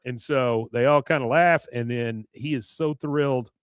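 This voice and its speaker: A man, a podcast co-host, recapping an episode in a rambling, casual way; his voice is going hoarse and he keeps clearing his throat. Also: mid-range voice, normal speed, no room sound, studio quality.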